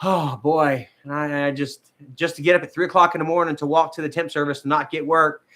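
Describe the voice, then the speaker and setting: A man's voice: fairly high pitch, steady tone, brisk, bright, forceful tone. A man chatting casually as a vlogger, rambling and swearing, with man and bro tossed in often. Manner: rambling, profane, says man and bro a lot. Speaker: vlogger reading live chat. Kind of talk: casual chat.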